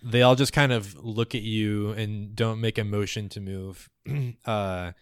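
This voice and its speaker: Low-voiced man narrating a tabletop game. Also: fairly even intonation, measured pace, clean tone, no room sound, clean studio sound. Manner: descriptive, with fillers. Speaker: game master.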